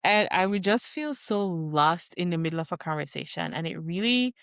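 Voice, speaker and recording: A young woman vlogging in casual chat, rambling with lots of fillers and restarts, recorded close in a quiet room. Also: fairly low pitch, expressive, moderate pace, clean tone, dry recording. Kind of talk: casual talking-head chat.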